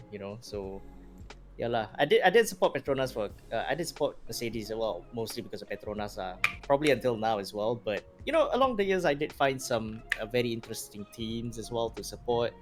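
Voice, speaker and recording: Soft music plays behind a young man speaking fairly quickly at a medium pitch. He's a guest streamer on a podcast, chatting casually, rambling, animated, laughing a lot and packing his speech with fillers.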